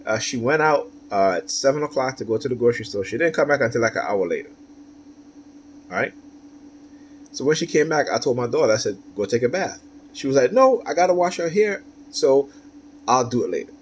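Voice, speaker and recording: A man's voice: medium pitch, lively intonation, a little fast, slight background noise. A man talking through a personal story, rambling and often asking "right?" with many fillers. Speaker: commentator. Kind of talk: personal monologue.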